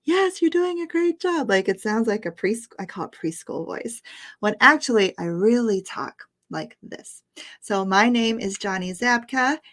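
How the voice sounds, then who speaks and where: A woman teaching English pronunciation online, patient and upbeat, repeating words slowly for her learners to copy. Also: medium pitch, fairly bright tone. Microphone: headphones while sharing screen.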